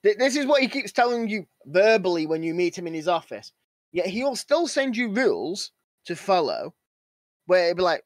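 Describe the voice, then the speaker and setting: A man co-hosting a gaming podcast, telling animated stories and acting out characters in casual chat. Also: high-pitched, normal speed, dry recording. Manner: animated storytelling, acts out characters. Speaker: podcast co-host.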